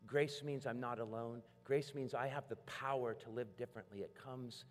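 A man preaching a sermon, telling a story with lively acted-out voices. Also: mid-range voice, normal speed. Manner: animated storytelling, acts out voices. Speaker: pastor. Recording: long hall reverb.

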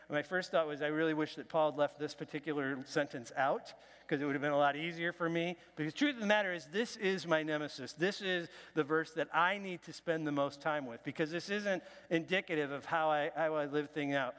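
A man's voice: a little high, a bit bright, big-room sound. A male pastor giving a conversational, self-deprecating sermon in a church. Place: church sanctuary.

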